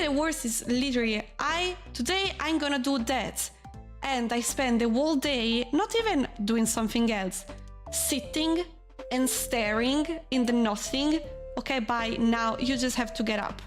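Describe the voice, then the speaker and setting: High-voiced rambling woman streamer. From Switzerland. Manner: rambling, animated, frank with swearing. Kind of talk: casual live-stream chat.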